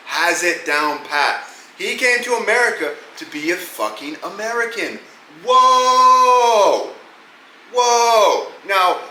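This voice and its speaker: A podcast host with a fairly high-pitched, sharp voice rambles through his picks for upcoming fights, casual and profane. You can hear slight background noise along with an echoey room and faint ambience.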